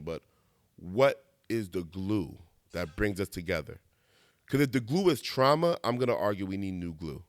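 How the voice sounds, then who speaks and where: Man, conversational monologue host, lively pitch, dry booth-like sound. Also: normal speed, no room sound. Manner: animated, conversational, laughs at himself, slangy asides. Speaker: video essayist. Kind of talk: casual monologue.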